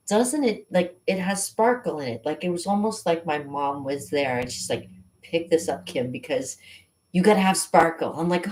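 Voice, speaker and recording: A woman's voice: on the low side, animated, moderate pace, a little mellow. A woman vlogging casually while doing her makeup, rambling and laughing often in a playful way. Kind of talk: casual makeup vlog chat.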